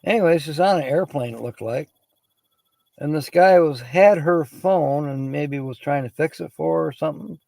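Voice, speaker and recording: Gravelly, dark-voiced man chatting on a livestream. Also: fairly high pitch, normal speed, no echo, poor audio. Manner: chatty, laughs often, greets viewers by name. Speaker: livestream host. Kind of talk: casual chat, reading word origins aloud.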